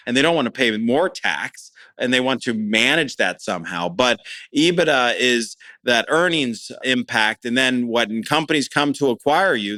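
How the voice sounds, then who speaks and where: A man's voice: mid-range voice, pushed and bright, dry recording. A middle-aged man talking as a business owner in a conversational interview, enthusiastic and plain-spoken, often repeating words as he starts a phrase.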